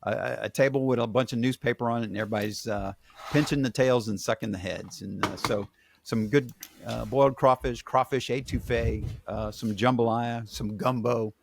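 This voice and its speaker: Gravelly-voiced man, folksy. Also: medium pitch, fairly even intonation, moderate pace, a little hiss or hum. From Louisiana. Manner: folksy storyteller, many fillers and restarts. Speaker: guest expert. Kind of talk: casual interview chat.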